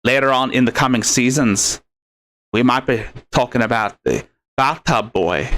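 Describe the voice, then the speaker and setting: A man hosting a live commentary stream, his tone bright and forceful as he mocks his subject. He rambles on in a sarcastic, scornful way at a middling pitch. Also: normal speed. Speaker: commentary host.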